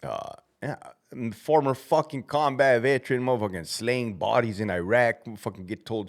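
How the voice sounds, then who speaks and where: A man in his thirties, a former prison officer, telling a casual story in a blunt, profane way, laughing at himself and acting out shouted commands. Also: medium pitch, normal speed, hardly any pauses.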